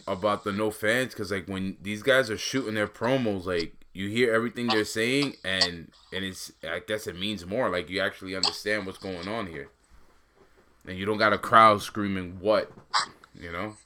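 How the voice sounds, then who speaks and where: A man's voice: fairly low pitch, moderate pace, background noise. A man in casual chat as a co-host, talking loosely and slangily, rambling with lots of fillers.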